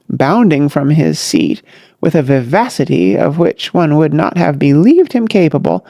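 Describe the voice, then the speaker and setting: A narrator reading a classic comic novel aloud in a measured, scripted way. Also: medium pitch, creaky, mellow, no echo, clean studio sound. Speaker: audiobook narrator.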